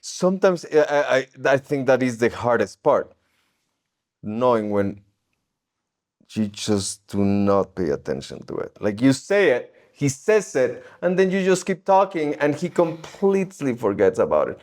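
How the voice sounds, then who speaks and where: A man co-hosting a podcast in casual chat, blunt and quick to swear. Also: medium pitch, sing-song, a little mellow. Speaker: podcast co-host.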